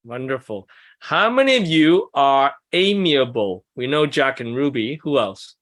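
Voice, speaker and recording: A man's voice: medium pitch, lively intonation, unhurried, a bit bright. A man leading a small-group workshop in casual teaching talk, asking the group questions and making self-deprecating asides. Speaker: workshop leader for ministry couples.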